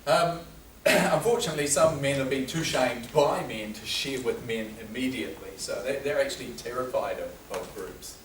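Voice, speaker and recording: A man's voice: medium pitch, moderate pace, few pauses, slight background noise. A middle-aged man giving an informal lecture, telling stories in a conversational way. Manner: conversational, anecdotal storytelling. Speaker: speaker at a men's health talk. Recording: roomy hall, distant mic, faint ambience.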